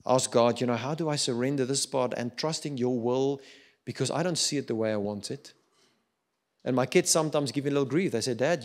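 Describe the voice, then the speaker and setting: A middle-aged man with a South African accent preaching a sermon, swinging between loud urging and quiet reflection. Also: mid-range voice. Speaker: pastor.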